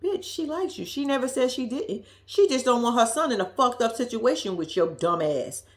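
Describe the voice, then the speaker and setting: A woman giving a profane, animated recap of a reality show, acting out quotes in a blunt, sassy way. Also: fairly high pitch, normal speed.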